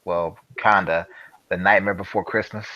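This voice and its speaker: A man's voice: low-pitched, fairly even intonation, normal speed, bright, forceful tone, dry recording. A man co-hosting a gaming podcast, chatting casually and teasing the others in disbelief. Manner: teasing, incredulous. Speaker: podcast co-host. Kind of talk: casual chat. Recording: dull lo-fi mic.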